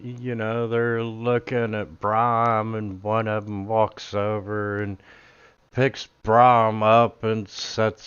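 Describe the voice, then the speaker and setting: A man narrating as game master of a tabletop game, halting and full of fillers. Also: medium pitch, clear, resonant tone, muffled recording.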